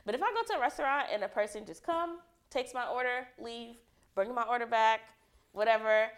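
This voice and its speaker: A woman's voice: fairly high pitch, brisk, smooth. A young woman co-hosting a podcast, chatting casually in a blunt, emphatic way and swearing freely. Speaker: podcast co-host. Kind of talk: casual chat.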